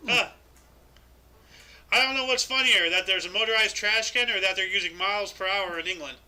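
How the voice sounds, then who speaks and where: Young man, high voice, very bright tone, casual news reading, stumbles and asides. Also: fairly quick, poor audio. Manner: reads articles with stumbles and asides. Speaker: podcast co-host reading news. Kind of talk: casual chat, reading news stories aloud.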